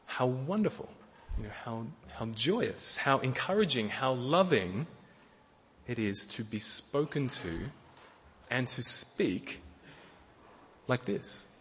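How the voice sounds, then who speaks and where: A middle-aged man preaching a sermon in a gentle way, often repeating words and using fillers. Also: mid-range voice, very animated, slow, slight background noise. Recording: long hall reverb.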